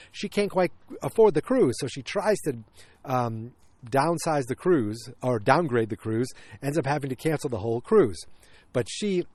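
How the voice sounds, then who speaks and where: A man's voice: medium pitch, darkish tone, dry recording. A man hosting a podcast, casually recapping an episode with rambling asides and quoting characters in raised voices. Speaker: podcast host.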